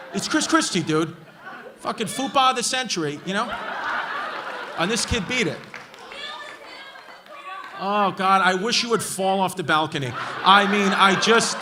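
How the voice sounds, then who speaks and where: A man with a New York accent doing brash, profane stand-up crowd work, roasting hecklers and often shouting. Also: sits high, noisy background. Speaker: stand-up comedian. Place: comedy club stage with a laughing crowd. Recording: live club audio with crowd laughter.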